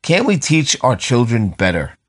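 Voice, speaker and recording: A man's voice: mid-range voice, huge pitch swings, normal speed. A middle-aged man co-hosting a casual podcast, reading out listener messages in a dry, teasing way and laughing often.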